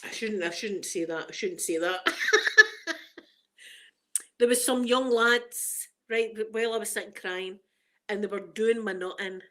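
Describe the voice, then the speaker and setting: A woman's voice: mid-range voice, measured pace, pauses often, a bit bright. Chatty Glaswegian woman rambling. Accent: Glaswegian Scottish. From Scotland. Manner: rambling, chatty storytelling full of local slang. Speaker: ASMR channel host. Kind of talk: casual ASMR chat.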